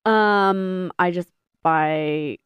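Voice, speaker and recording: Smooth low-voiced woman chatting casually. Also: drawn-out words, no room sound, dull audio. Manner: chatty, filler-heavy, trailing off. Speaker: podcast co-host. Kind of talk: casual chat.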